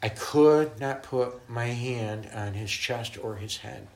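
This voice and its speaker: A man's voice: medium pitch, takes it slowly. A middle-aged man, a guest minister, telling stories in a casual interview, acting out quotes and laughing often. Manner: animated storyteller, voices quotes, laughs often.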